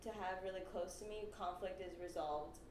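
A woman's voice: fairly low pitch, fairly quick, darkish tone, reverberant, slight background noise. A young woman in casual conversation, talking things through reflectively with a lot of "like" and "literally.". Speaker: guest.

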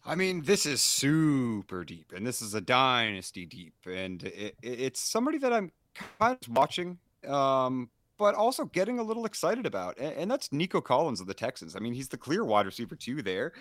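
Analytical man, quick fantasy football takes. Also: mid-range voice, sing-song, a bit bright, no echo. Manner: fluent, filler-heavy, analytical. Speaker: podcast co-host.

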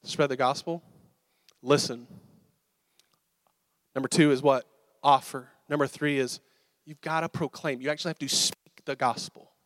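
A man preaching a sermon, telling stories in a casual, animated, conversational way. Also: mid-range voice, normal speed, pauses often, no room sound, clean studio sound. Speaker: pastor.

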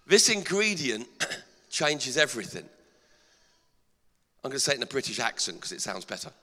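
A middle-aged male pastor delivering an energetic sermon in a church, asking the congregation rhetorical questions. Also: mid-range voice, moderate pace. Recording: long hall reverb.

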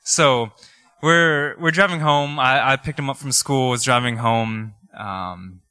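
The pastor has a medium-pitched, clear, resonant voice and takes his time as he preaches a storytelling sermon drawn from his own life. His delivery is conversational and animated, with laughs and filler words, recorded in studio quality with no room sound.

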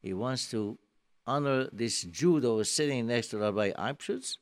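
A man giving a sermon, telling a story emphatically and swinging between soft and loud, with many restarts. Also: mid-range voice, animated, moderate pace. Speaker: rabbi giving a talk.

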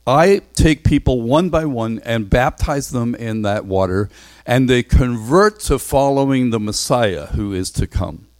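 A man's voice: mid-range voice, animated, measured pace, darkish tone, dry recording, close to an everyday voice. A man playing John the Baptist, a bold and boastful wilderness preacher, in a Bible storytelling talk.

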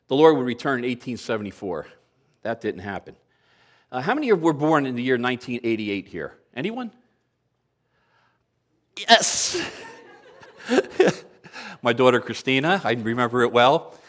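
A man's voice: mid-range voice, sing-song, a little slow, pauses often. A man in his sixties preaching a sermon to a congregation, conversational and lightly humorous, asking the listeners rhetorical questions. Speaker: pastor.

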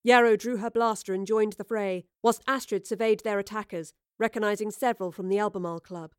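A woman narrating a story chapter in a measured, clear reading voice. Her pitch sits in an ordinary middle range. The recording is dry and close, with no room sound. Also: steady tone, no room sound. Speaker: audiobook narrator. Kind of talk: scripted narration.

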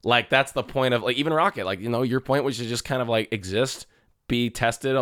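A young man chatting on a podcast, excitable and foul-mouthed, slipping into voices to act out scenes. His tone is bright and smooth. The sound is dry and close to the mic. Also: mid-range voice, a little fast, dry recording. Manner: excitable, swears a lot, acts out scenes in quoted voices. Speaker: podcast co-host. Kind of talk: casual chat about a film.

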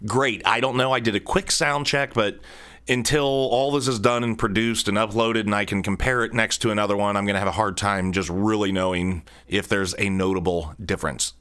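He's a podcast host with a lowish, clear and resonant voice, fairly bright and steady in tone, moving at a brisk clip. Alone at a stand-mounted studio mic in his home office studio, he rambles casually and cracks jokes.

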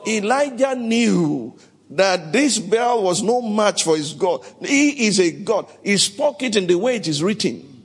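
In an echoey large hall full of worshippers, a man preaches a sermon, reading from the Bible and calling out to the congregation in dramatic, shouted bursts with call-and-response. His husky voice is high-pitched and very animated, and his pace is a little slow.

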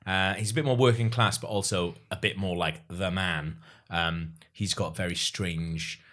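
Welsh male podcast co-host, lowish register, loose and rambling delivery. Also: steady tone, normal speed, fairly bright tone. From Wales. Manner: chatty, rambling with fillers and asides. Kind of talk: casual chat.

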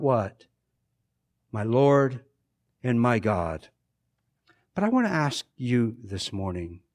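A male pastor preaching a sermon, swinging between fervent, raised passages and hushed, quiet ones, repeating phrases for emphasis. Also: mid-range voice.

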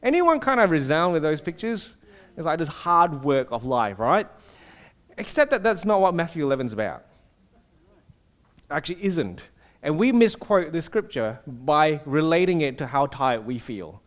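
A man's voice: a little high, big pitch swings, normal speed, fairly bright tone. A man, preaching a casual sermon that tells stories and asks the audience questions. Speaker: pastor. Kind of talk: conversational sermon.

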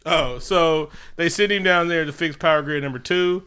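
A man's voice: a little high, normal speed, bright, forceful tone, clear, resonant tone. A man co-hosting a casual movie recap podcast, loose and joking, laughing often. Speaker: podcast co-host.

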